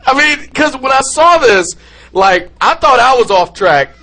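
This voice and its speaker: High, animated man hosting a podcast. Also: a little slow. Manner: excitable, laughs easily. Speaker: podcast host. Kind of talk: casual podcast interview.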